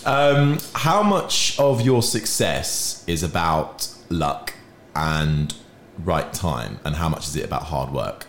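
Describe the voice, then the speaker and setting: A man's voice: rumbling low, sing-song, slow pace, hardly any pauses, background noise. A man co-hosting a podcast, asking questions and teasing the guest playfully. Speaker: podcast co-host. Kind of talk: casual podcast chat. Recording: echoey room.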